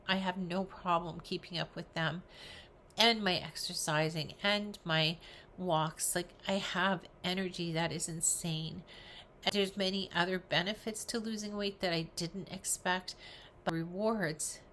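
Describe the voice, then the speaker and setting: Older woman vlogger, slightly low voice, earnest and encouraging in casual to-camera chat. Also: fairly bright tone, a little hiss or hum. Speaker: weight loss vlogger. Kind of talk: casual direct-to-camera talk.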